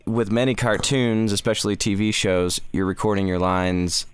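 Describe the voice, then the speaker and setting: A man's voice: fairly low pitch, steady tone, normal speed, smooth, no room sound. A man hosting a podcast, asking questions and telling jokey stories in casual chat. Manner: jokey, storytelling. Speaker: podcast host.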